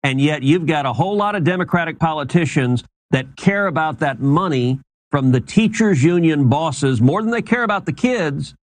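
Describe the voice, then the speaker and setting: Man, politician interview clip, stammering, indignant, slightly high voice. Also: expressive, normal speed, dry recording. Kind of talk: political talking points.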